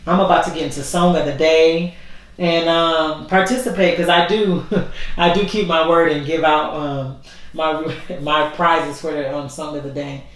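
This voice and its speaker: At a measured pace and a steady tone, a low-pitched woman vlogger speaks candidly and from the heart, rambling and repeating herself. Her camera isn't working, so only her voice is heard, far from the mic in a very echoey room.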